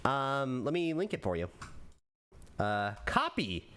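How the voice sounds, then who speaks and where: A man streaming live, chatting casually and rambling excitably while he browses videos, laughing often. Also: medium pitch, takes it slowly.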